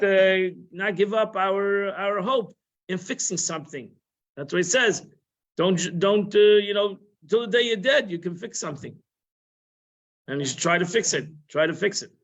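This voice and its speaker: A man's voice: sits high, expressive, a little slow, a bit bright. A man giving an informal Torah lesson, conversational and repetitive, sprinkling in Hebrew and Yiddish terms. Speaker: Torah class teacher. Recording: muffled live-stream audio.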